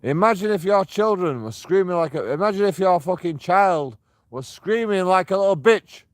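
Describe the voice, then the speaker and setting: An angry, profane man ranting and taunting people, recorded outdoors on a dark path at night. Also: high voice, animated, normal speed, dry recording, clean studio sound. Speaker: street auditor filming himself. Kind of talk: confrontational vlog rant.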